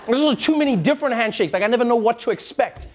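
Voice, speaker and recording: A South African man hosting a late-night comedy show, delivering an animated, mocking monologue. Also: very high-pitched. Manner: animated, mocking, quick asides. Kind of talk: stand-up monologue.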